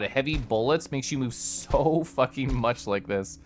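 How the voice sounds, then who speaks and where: A streamer casually commenting on a game and reading chat aloud, chatty and excitable, with sudden loud bursts between mumbled asides. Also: mid-range voice, slow pace, hardly any pauses. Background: game music.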